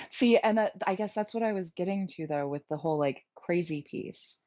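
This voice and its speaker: A woman's voice: on the low side, measured pace, a little mellow. A woman co-hosting a podcast, speaking openly and reflectively about personal experiences and laughing easily. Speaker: podcast co-host. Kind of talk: candid podcast conversation. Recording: dull lo-fi sound.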